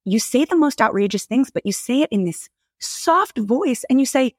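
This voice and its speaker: A woman's voice: sits high, lively intonation, moderate pace, dry recording. A woman guest on a comedy podcast, giving mock-serious bad advice in a dry, sarcastic manner. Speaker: guest, public defender. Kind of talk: deadpan comedic podcast banter.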